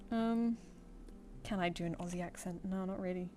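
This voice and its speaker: Thinking aloud as she draws on stream, this woman reads out chat comments and answers them in easy conversation. Her voice sits on the low side, mellow and fairly even, at a moderate pace.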